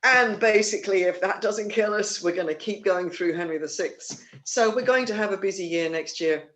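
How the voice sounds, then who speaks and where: This theatre company host speaks at a normal speed in a high, fairly bright voice. He chats loosely through casual livestream announcements over a video call, often restarting and leaning on fillers.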